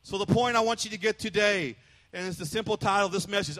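High-voiced preacher with emphatic delivery. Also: male voice, a little fast, fairly bright tone. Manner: preachy and emphatic, with call-and-response and playful imitations. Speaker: pastor. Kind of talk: sermon.

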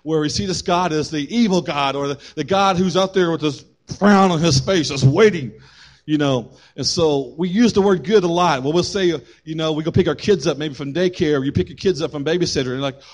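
A man preaching a sermon to his congregation, animated, getting louder for emphasis and then dropping low, with quick asides and jokes to the room. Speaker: pastor.

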